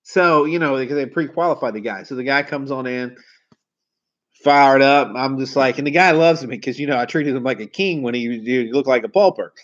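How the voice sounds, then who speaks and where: A man spins car lot stories in a loose, animated, slangy style. His pitch sits in an ordinary middle range. The recording is a little dull and lo-fi. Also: normal speed. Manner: animated, slangy, acts out quoted voices. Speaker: car sales trainer. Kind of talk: casual storytelling. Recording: slightly dull lo-fi audio.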